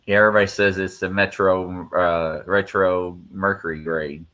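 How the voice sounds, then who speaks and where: A man's voice: low voice, little pitch movement, normal speed, fairly bright tone. A man hosting a casual live podcast, reading listener questions and teasing his co-hosts with a playful, laughing manner.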